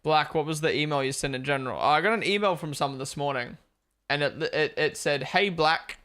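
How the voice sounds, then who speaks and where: A young man with an Australian accent softened by a Kiwi twang, chatting casually on a live stream. His voice sits a little high for a man, and he swears freely while he reacts to the race and answers his chat. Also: fast talker. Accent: Australian-New Zealand blend. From born in Australia, raised in New Zealand. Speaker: streamer hosting a race watch-along.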